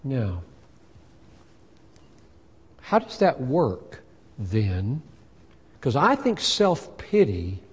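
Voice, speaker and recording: A male preacher delivering a sermon in a large hall whose long reverb trails every phrase. He talks with emphatic, expressive energy and slips into the voices of the people in the passages he reads. His pitch sits in an ordinary middle range for a man.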